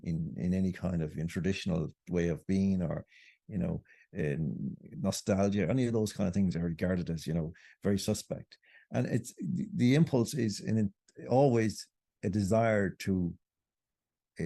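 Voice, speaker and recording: A man's voice: sits low, mellow, slightly rough, no room sound, studio quality. An older Irish man, a writer talking as a podcast guest, arguing in an impassioned, emphatic way. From Ireland. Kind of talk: conversational podcast interview.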